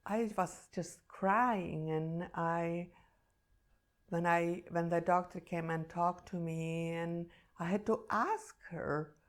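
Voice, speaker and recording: A woman speaking in a slightly low voice, unhurried and deliberate. She is a meditation teacher telling a personal story, earnest, emotional and reflective throughout. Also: steady tone.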